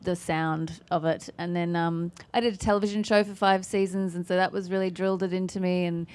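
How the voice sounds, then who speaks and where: An actress with an Australian accent answering a panel question in a playful, self-mocking way. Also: female voice, on the low side, little pitch movement, brisk, a little mellow.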